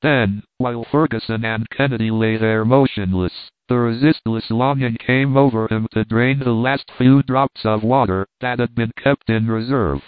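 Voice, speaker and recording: Male audiobook narrator, measured and steady, on a tinny, dry recording. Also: medium pitch, dry recording.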